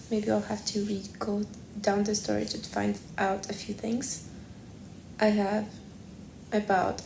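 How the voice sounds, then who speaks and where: A mid-range, gravelly female voice belongs to a livestream host making casual conversation. She rambles, thinks aloud and corrects herself, recorded in an echoey room with some faint noise.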